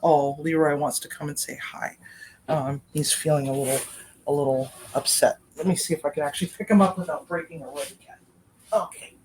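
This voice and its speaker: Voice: medium pitch, fairly even intonation, a little fast, darkish tone, a little hiss or hum. A chef and cooking vlogger giving a casual personal update from a home kitchen, telling a story with tangents into a laptop webcam.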